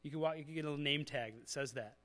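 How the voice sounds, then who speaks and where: A man's voice: on the high side, racing, a bit bright. Conversational male pastor preaching. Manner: conversational preaching, rising to emphatic peaks. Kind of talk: sermon.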